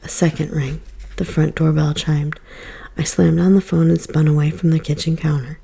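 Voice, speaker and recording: A woman giving a soft, whispered ASMR book reading as storyteller. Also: deep voice, level tone, moderate pace, vocal fry, breathy edge.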